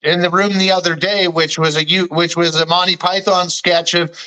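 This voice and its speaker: A man's voice: high voice, level tone, moderate pace, sharp tone, poor audio. A man from Canada co-hosting a casual video chat, easygoing and playful when he tells stories. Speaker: co-host.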